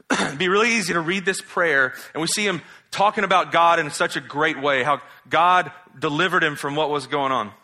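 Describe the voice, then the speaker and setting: Bright-voiced animated male preacher. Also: on the high side, moderate pace. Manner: animated, mocks in exaggerated voices while quoting. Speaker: pastor. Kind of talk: sermon.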